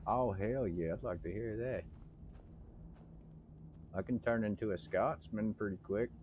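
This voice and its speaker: A man's voice: lowish voice, measured pace, phone-quality sound, slight background noise. A man streaming a video game, chatting casually in a playful, jokey way. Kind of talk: casual gaming commentary.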